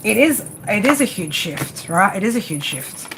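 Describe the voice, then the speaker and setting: Her medium-pitched, somewhat bright voice swings widely in pitch at a moderate pace, heard on a low-quality recording with a little hiss or hum. She's a tarot reader on a live reading, talking bluntly and casually, repeating points and asking "right?" Affectionate, she also swears.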